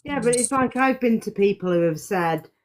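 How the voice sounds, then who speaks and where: A woman's voice: a little high, lively intonation, normal speed. Chatty woman podcast host. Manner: chatty, tells anecdotes, mocks fake psychics. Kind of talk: casual podcast chat.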